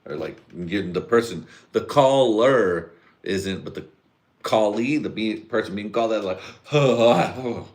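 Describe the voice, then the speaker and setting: A man's voice: on the low side, moderate pace. A tipsy man hosting a casual live podcast, rambling and swearing a lot while laughing between thoughts. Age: adult father and husband. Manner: rambling, profane, laughs often. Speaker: podcast host. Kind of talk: casual live-stream rant.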